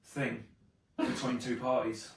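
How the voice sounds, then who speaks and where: A man's voice: medium pitch, flat delivery, slow pace, vocal fry, recorded from a distance. A man co-hosting a live podcast, chatty and wry, laughing often. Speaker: podcast co-host. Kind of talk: casual live podcast chat. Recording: very echoey room, off-mic.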